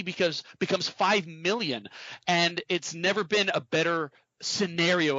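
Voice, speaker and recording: A man's voice: a little high, sharp tone, no echo, dull audio. A man co-hosting a casual podcast, talking earnestly and encouragingly, often restarting his sentences. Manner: earnest, motivational, many restarts. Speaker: podcast co-host.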